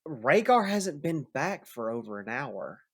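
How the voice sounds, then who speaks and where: Guy running a tabletop game, talks slow and laid-back, lots of fillers. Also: a little high, very animated, a bit bright, breathy edge. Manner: casual, hesitant with fillers. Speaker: game master.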